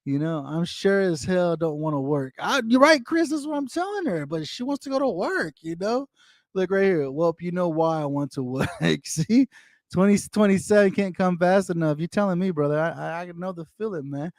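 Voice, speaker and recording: A man talks casually into his microphone on a livestream, rambling and repeating phrases as he greets viewers by name. His voice sits a little high for a man. The sound is dry and close, with almost no room around it. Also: expressive, moderate pace, no echo. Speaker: livestream host. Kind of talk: casual livestream chat reading viewer comments. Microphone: desktop microphone.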